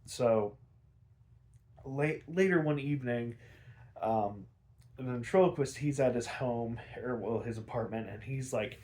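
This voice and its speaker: A man's voice: mid-range voice, measured pace, pauses often, darkish tone. Tired, rambling man recapping an episode. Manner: rambling, frequent fillers and restarts, casual swearing. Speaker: podcast host.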